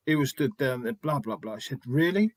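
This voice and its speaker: A man's voice: mid-range voice, animated, fairly quick, no echo. A middle-aged man and spiritualist medium telling stories in an interview, chatty, restarting often and acting out quoted dialogue. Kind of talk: anecdotal interview storytelling.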